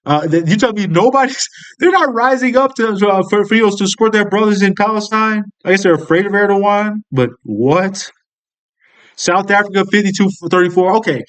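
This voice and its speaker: An American man giving casual, profane commentary, blunt and incredulous. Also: a little high. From United States.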